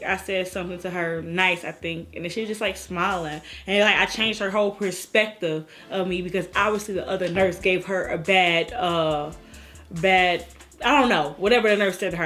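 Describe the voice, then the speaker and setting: A woman's voice: lowish voice, fairly bright tone. A young woman, telling a story in a casual vlog and acting out the people in it. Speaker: vlogger.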